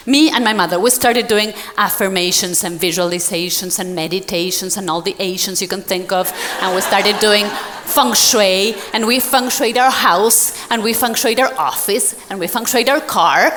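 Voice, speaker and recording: A woman's voice: normal speed, a bit bright, slight background noise. A woman speaker telling a personal story to an audience in a dramatic way, acting out the voices of other people. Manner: dramatic, acts out dialogue with big pitch swings. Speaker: motivational speaker. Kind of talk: storytelling keynote speech. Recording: long hall reverb.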